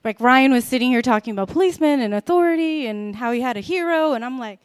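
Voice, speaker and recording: A woman addresses a church congregation in a relaxed, chatty way. Her voice sits a bit high. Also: fast, hardly any pauses, clean tone. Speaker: church speaker. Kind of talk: casual talk to a congregation.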